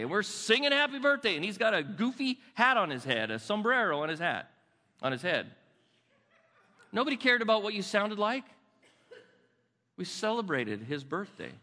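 An older man preaching a sermon as pastor in a church, conversational and full of restarts, dropping soft and slow for emphasis. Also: on the high side, in a large hall. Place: church sanctuary.

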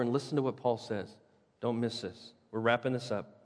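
A man preaching a sermon as pastor, rising to loud, high proclaiming and dropping to hushed, low emphasis. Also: normal speed. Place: church sanctuary. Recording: long reverb of a large hall.

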